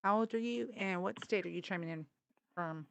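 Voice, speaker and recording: A woman's voice: medium pitch, brisk, creaky, fairly bright tone, clear, resonant tone, no echo. A tired woman from Texas with a Texan accent, hosting a casual political livestream in a blunt, outspoken, slangy way. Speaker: livestream host.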